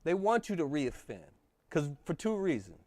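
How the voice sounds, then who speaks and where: A man telling a story as a podcast guest, animated and swearing freely in casual chat. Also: fairly high pitch, moderate pace, no echo.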